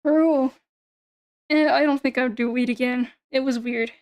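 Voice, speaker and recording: A woman's voice: high voice, fairly even intonation, normal speed, a little mellow, clear, resonant tone. A young woman chatting casually on a stream, rambling, swearing and giggling often.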